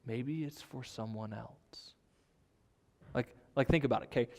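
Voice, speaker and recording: A man's voice: medium pitch, unhurried, darkish tone, big-room sound. A man preaching a sermon in a conversational way, asking his listeners rhetorical questions. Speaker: pastor.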